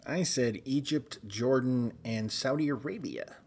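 A man's voice: medium pitch, a little slow, a little mellow, husky. A man playing trivia, chatting casually in a playful way. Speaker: trivia contestant. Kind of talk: casual chat.

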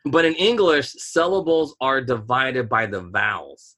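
Bright, emphatic man rambling on a podcast. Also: mid-range voice, measured pace. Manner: rambling and emphatic, stalls to hunt for words. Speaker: podcast co-host. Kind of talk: casual podcast chat.

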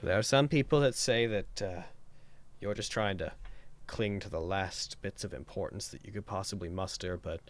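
A man with a lowish voice runs a tabletop game, narrating scenes in a loose, casual way. He fills pauses with ums and drops in and out of the characters' voices. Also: dry recording. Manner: loose, laughing, filler-heavy narration. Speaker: game master.

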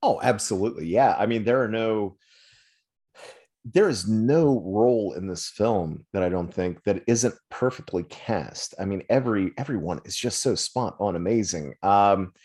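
A man's voice: fairly low pitch, normal speed, breathy edge. A man co-hosting a film podcast, talking emphatically and teasing his co-host. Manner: animated, emphatic, playful teasing. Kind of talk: casual film podcast chat.

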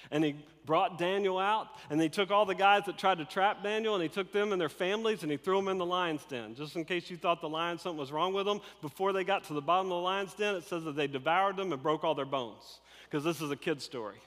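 A man preaching a sermon, telling a Bible story in an animated, conversational way and acting out the characters. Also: high-pitched, fast, few pauses, long reverb tail. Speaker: pastor.

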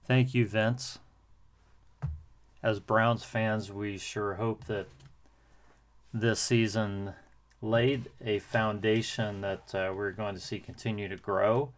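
A man's voice: on the low side, level tone, takes it slowly, pauses often. A man hosting a podcast, commenting casually with frequent hesitations. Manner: hesitant, many fillers. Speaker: podcast host.

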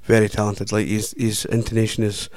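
A man's voice: lowish voice, flat delivery, a little fast, a little mellow, smooth, dry recording, clean studio sound. Teasing Scottish man co-hosting. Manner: chatty, teasing, restarts a lot. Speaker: co-host. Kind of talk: casual radio chat.

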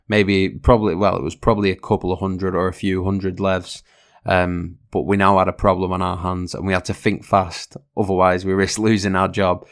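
A young man telling a personal story, blunt and sweary, chuckling now and then as he goes. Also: low voice. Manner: blunt, swears freely, chuckles mid-sentence. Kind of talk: storytelling monologue.

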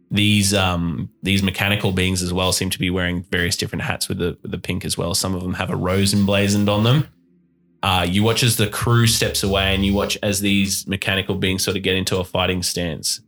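A man's voice: deep voice, fairly bright tone. A man narrating as game master in a tabletop game, describing scenes at length with fillers.

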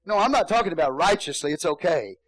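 A man's voice: on the high side, animated, fast talker, no room sound, rough recording. A male pastor preaching a sermon in a church, repeating phrases and calling out hallelujah.

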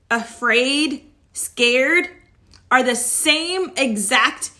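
A young woman giving a chatty motivational talk as an online business coach, acting out anxious and excited inner voices. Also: on the high side.

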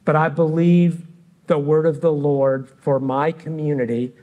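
A middle-aged man preaching a sermon as pastor, speaking earnestly and deliberately with frequent pauses between phrases. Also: a little high, little pitch movement, phone-quality sound. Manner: earnest and reflective.

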